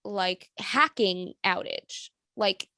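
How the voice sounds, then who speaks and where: Gravelly-voiced woman host asking questions. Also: medium pitch, drawn-out words, bright, forceful tone, no echo. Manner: probing, asks pointed follow-up questions. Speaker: podcast host. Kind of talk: casual interview.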